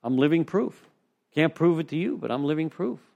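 A man's voice: on the high side, expressive, brisk, vocal fry, a little mellow, highs cut off. Man, recovery speaker, rambling storytelling, lots of "you know", meeting room. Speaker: recovery speaker leading a step study. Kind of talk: informal recovery talk to a group.

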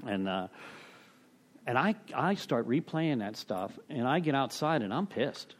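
A man's voice: medium pitch, very animated, measured pace. A middle-aged man sharing at a recovery meeting, rambling through a story with many restarts, "you know"s and casual cursing.

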